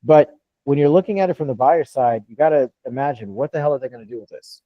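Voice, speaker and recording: A man's voice: medium pitch, fast talker, no room sound. A man coaching callers in a live Q&A, talking bluntly and swearing freely. His voice comes through dull and lo-fi, and the sound is dry and close. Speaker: host and wholesaling coach.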